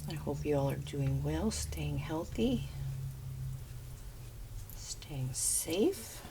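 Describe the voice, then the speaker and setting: A woman's voice: low-pitched, animated, very slow, noisy background. A middle-aged woman in her home kitchen, chatting homey and easy as she walks viewers through a simple recipe step by step. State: talking with her mouth full. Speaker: home cooking vlogger. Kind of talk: casual cooking demonstration.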